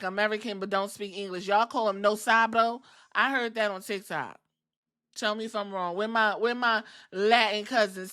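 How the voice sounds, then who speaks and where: A woman's voice: mid-range voice, fairly bright tone. A woman hosting a podcast, giving a casual, profane and sassy recap with blunt asides. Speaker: podcast host. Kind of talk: casual wrestling show recap.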